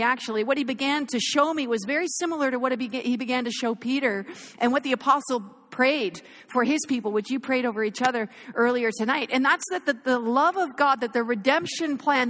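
A woman in her thirties preaching an animated sermon in a chapel, telling a story with laughter. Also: high-pitched.

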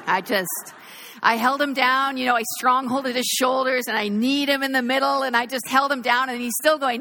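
A woman in her thirties preaching an animated sermon in a chapel, telling a story with laughter. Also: sits high.

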